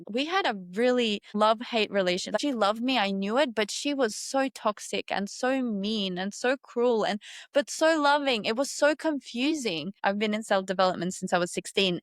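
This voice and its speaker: A woman from Russia, a podcast guest telling a personal story in a candid, emphatic way with animated quoted asides. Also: fairly high pitch, no room sound, studio quality.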